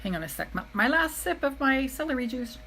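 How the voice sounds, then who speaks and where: A woman's voice: high voice, sing-song, fairly quick, fairly bright tone, poor audio. A middle-aged woman giving a live motivational talk as a self-love coach. She speaks earnestly and chattily, repeats her key phrases for emphasis, and keeps addressing her viewers directly.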